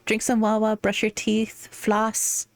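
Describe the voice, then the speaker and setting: A woman's voice: mid-range voice, completely flat delivery, takes it slowly, no echo. Giggly young woman streamer, dry sound. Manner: affectionate, playful baby talk, giggly. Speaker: streamer doing tarot readings. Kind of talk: casual live-stream chat reading viewer messages.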